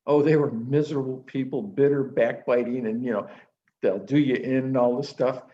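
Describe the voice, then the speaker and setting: A man's voice: medium pitch, fairly even intonation, normal speed, mellow, dull audio, close to an everyday voice. A man voicing an ordinary male traveler who speaks emphatically about the people of the town he came from. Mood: bitter.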